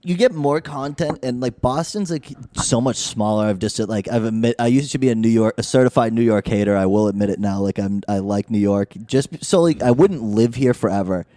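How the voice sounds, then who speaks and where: A man's voice: medium pitch, a little fast, few pauses, warm tone, dry recording. A young male comedian chatting as a podcast guest, rambling in a laid-back way and peppering his talk with "dude" and "man.". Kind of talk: casual podcast chat.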